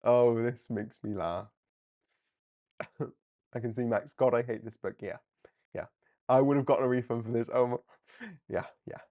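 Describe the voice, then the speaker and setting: Animated man reviewing comics live. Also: medium pitch. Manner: animated, laughing, acts out characters in quick asides. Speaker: comic book livestream host. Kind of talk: casual live commentary.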